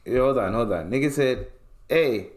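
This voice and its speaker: Against a noisy background, a young Canadian podcast host speaks in a mid-range voice at a slightly slow pace. His solo show is casual and slangy, and he gets animated, performing voices for short bits.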